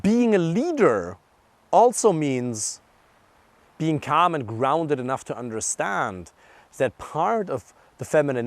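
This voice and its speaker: A man's voice: mid-range voice, dry recording. A young adult man, a dating coach, giving blunt and emphatic advice in a direct monologue, swearing for emphasis.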